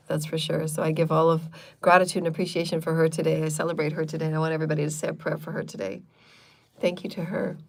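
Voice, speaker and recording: A woman's voice: deep voice, darkish tone. A woman hosting a live channeled spiritual talk, speaking in repetitive, chant-like affirmations and loose, chatty asides. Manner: chatty and loose, with frequent fillers.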